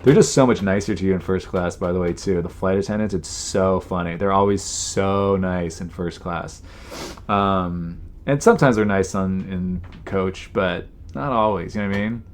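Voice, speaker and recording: A man with a low-pitched voice hosts his podcast at a normal speed, with a little hiss or hum in the audio. He tells stories in a rambling, casual monologue packed with "you know" fillers, mimicking people in exasperated quoted asides.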